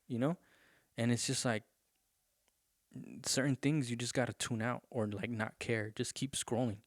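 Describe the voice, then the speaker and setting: A young man hosts his own podcast, rambling casually and swearing freely, with plenty of "you know" fillers. His voice sits at an ordinary middle pitch. It is recorded close and dry, with no room sound. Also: fairly even intonation, moderate pace, pauses often, no room sound. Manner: loose, profane, rambling with many fillers. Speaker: podcast host. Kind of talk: casual solo podcast rant.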